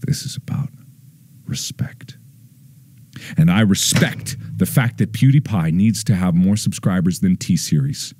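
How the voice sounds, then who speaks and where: A young man in his twenties pleads with mock gravity, his lowish voice swinging wildly from near-whispers to loud bursts. The sound is close and dry, with no room around it. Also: breathy edge, dry recording. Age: 20s. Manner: over-the-top solemn, swinging between hushed and shouted. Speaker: YouTuber. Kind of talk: mock-dramatic plea to viewers.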